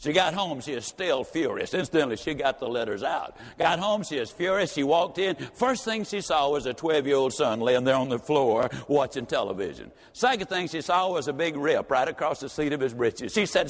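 A man's voice: on the high side, animated, moderate pace, hardly any pauses. A man giving a motivational speech, telling a story in a folksy, emphatic way with repeated refrains. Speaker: motivational speaker. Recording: reverberant hall.

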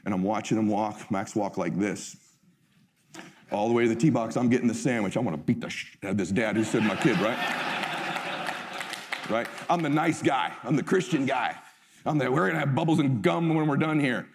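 A man's voice: fairly low pitch, normal speed, long pauses, big-room sound. A middle-aged man giving a motivational talk. He tells the story intensely and emphatically, and he swears freely. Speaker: motivational speaker.

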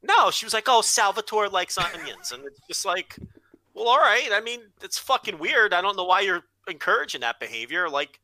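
Guy on a podcast telling a funny story, bright punchy voice, swears a lot, dry mic. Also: high-pitched, a little fast, dry recording, poor audio. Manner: profane, animated storytelling. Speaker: podcast co-host. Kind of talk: casual podcast chat.

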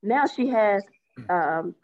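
A woman's voice: medium pitch, expressive, slow, darkish tone, highs cut off. A woman on a group call telling an earnest personal story. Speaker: caller.

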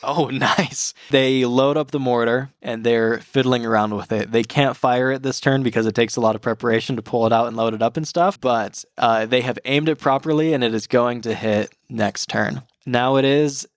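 An upbeat man serving as dungeon master, calling rolls and describing the action quickly. He laughs easily between rulings. His voice sits at a middle pitch, and the sound is dry and close. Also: fairly even intonation, dry recording. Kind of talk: running a tabletop game.

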